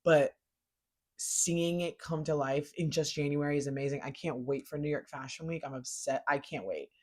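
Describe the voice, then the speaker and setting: Animated slangy woman gushing about fashion. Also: low-pitched, moderate pace. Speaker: pop culture podcast host. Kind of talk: casual chat.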